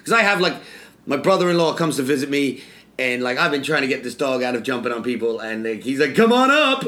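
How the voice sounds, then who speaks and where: A man's voice: medium pitch, fast talker, sharp tone. A man co-hosting a podcast, talking casually in a chatty, profane way. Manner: chatty, profane, lots of "like" fillers. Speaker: podcast co-host.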